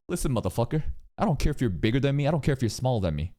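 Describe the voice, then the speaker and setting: Animated, swearing male reaction streamer. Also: fast. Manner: animated, profane, swings into shrill mocking voices. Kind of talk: casual reaction commentary.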